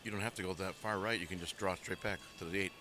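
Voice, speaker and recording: A man co-commentating a pool match in a chatty, friendly way, trading quick banter. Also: low voice, fairly even intonation, noisy background. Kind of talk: casual live commentary.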